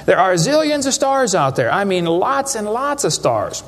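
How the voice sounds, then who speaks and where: High-voiced man giving a folksy joking lecture. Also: sing-song, moderate pace. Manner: folksy, joking, rhetorical questions. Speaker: creationist speaker addressing a live audience. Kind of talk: humorous lecture to a live audience. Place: hall with a live audience.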